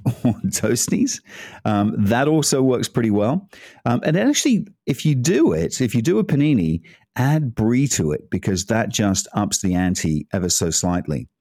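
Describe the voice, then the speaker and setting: With a fairly low, slightly mellow voice, this Scottish cooking presenter chats casually through his talk, drifting into asides and laughing. The sound is dry and studio-clean.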